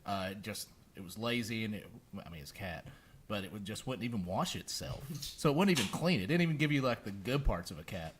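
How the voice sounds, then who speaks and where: A comedian, telling stories in a laid-back podcast chat. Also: male voice, lowish voice, animated, quick pace, a little hiss or hum. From Tennessee. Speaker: comedian guest.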